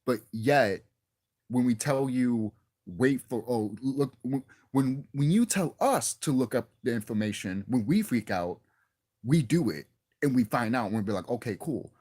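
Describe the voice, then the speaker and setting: Profane ranting young man, lively pitch. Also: a little slow. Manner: profane, exasperated, repeats words and restarts. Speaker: wrestling commentary vlogger. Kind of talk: ranting casual monologue.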